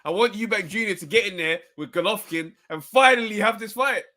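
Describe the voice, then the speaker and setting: A man co-hosting a podcast, telling stories excitably and laughing as he talks. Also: high-pitched, brisk. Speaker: podcast co-host. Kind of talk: casual boxing chat.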